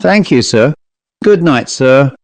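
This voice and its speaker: A man's voice: medium pitch, animated, takes it slowly, no room sound. A man reading an audiobook, voicing a nervous, fawning male manservant who talks in a raised, cracked voice with ungrammatical, deferential speech. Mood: anxious deferential. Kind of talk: audiobook character voice.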